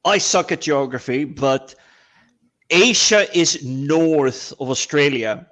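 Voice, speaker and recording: Halting man chatting on a call. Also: on the high side, animated, fairly bright tone. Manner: halting, stumbling over repeated words. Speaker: panel guest. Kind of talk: casual video call chat.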